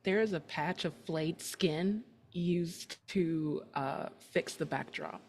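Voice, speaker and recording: A woman in a tabletop game delivers gruesome details flatly and slowly. Her voice sits somewhat low. A faint hiss runs under the recording. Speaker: player.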